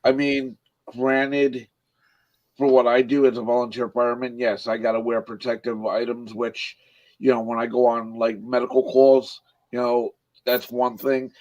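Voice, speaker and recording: A man's voice: mid-range voice, level tone, moderate pace, a little mellow. A man who works as a volunteer firefighter, talking bluntly in a casual podcast chat over dull, slightly muffled remote audio. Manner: blunt, frank.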